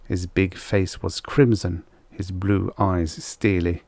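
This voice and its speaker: A man narrating a vintage science fiction story in an expressive, theatrical way, with a slightly croaky voice. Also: sits low, takes it slowly, dry recording. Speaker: audiobook narrator. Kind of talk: scripted narration.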